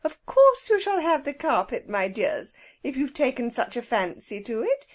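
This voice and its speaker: A woman reading a children's storybook aloud, voicing a sour middle-aged woman who turns jolly, shrill when cross and drawn-out when kind. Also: huge pitch swings, full character voice. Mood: warm, jolly.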